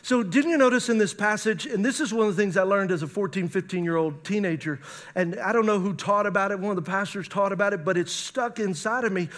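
Pastor, male, higher register, emphatic sermon delivery with scripture readings. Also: quick pace, a bit bright. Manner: preaching with emphatic rises, reads scripture aloud.

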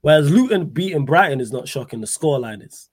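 A man hosting a live football chat stream, joking and animated, slangy. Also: a little high, quick pace, slightly rough, no echo. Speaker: podcast host.

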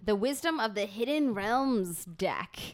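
A woman's voice: mid-range voice, lively intonation, unhurried. A woman hosting a podcast, bubbly and gushing, saying "like" a lot. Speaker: podcast host. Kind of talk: casual podcast chat.

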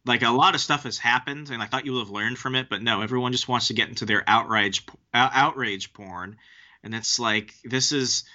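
Podcast host guy ranting, exasperated, bright edgy voice, dull lo-fi audio. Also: medium pitch. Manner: exasperated, fast ranting with restarts. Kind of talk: casual chat.

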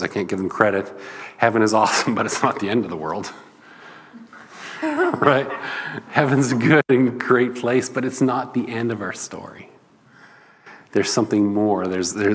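A man's voice: fairly low pitch, animated, moderate pace, husky, in a large hall. A man preaching a sermon in a loose, conversational teaching manner. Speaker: pastor.

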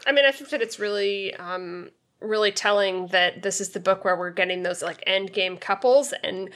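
A woman co-hosts a podcast and talks frankly through a book in casual chat. She sounds amused and laughs easily. Her voice sits at a middle pitch. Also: normal speed, fairly bright tone. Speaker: podcast co-host.

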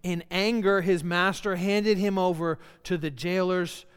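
A man's voice: high voice, fairly even intonation, measured pace, clean tone. A man preaching a sermon as pastor, earnest and repeating phrases for emphasis. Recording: long church reverb.

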